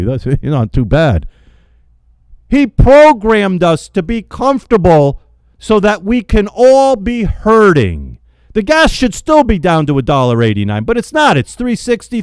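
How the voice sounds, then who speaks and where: A man angrily venting in a spoken rant, yelling, repeating himself and stumbling over his words in frustration. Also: high voice, smooth, no room sound. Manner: repeats phrases for emphasis. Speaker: political vlogger.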